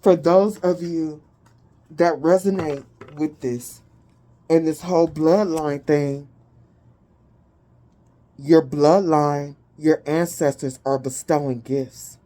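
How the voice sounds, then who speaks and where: A woman giving a spiritual tarot reading in a blunt, emphatic way. She swears often and reads out lists of keywords slowly and deliberately. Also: deep voice, fairly even intonation, mellow. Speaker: tarot reader.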